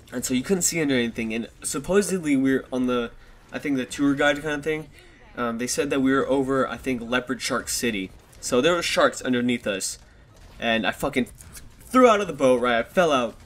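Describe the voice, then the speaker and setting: A man's voice: mid-range voice, fairly bright tone. A man in his twenties telling a story casually to his viewers, rambling, swearing often and laughing at himself, recorded on a desktop microphone. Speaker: vlogger. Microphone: desktop USB microphone.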